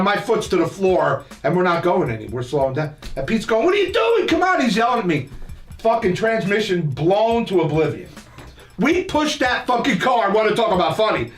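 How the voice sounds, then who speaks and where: Laughing and rambling, an older New Jersey man who hosts a podcast tells profane stories from his childhood in a casual way. His voice is on the high side for a man, and the distant mic catches a roomy echo with faint music below.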